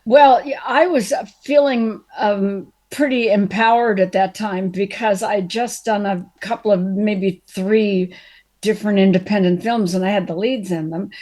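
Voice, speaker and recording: A woman's voice: medium pitch, steady tone, a little slow, a little mellow. Older woman telling rambling anecdotes. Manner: chatty, rambling storyteller who loses her thread. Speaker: actress guest recalling a past role. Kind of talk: casual reminiscing conversation.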